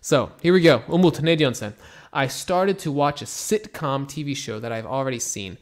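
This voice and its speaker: A young American man teaching English in a casual live stream, slowly repeating example phrases and answering questions. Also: mid-range voice. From United States. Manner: relaxed, slow repetitions of example phrases, mixes in Turkish.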